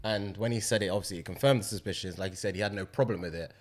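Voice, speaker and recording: Easygoing podcast co-host. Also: male voice, lowish voice, racing. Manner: easygoing, agreeable, swears casually. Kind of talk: casual chat.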